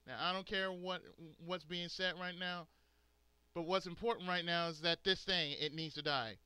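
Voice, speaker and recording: A gaming channel host rants angrily and profanely at his subscribers, hitting his words hard. His voice is high-pitched and sharp, with a steady tone and moderate pace, and the recording is smooth with no echo.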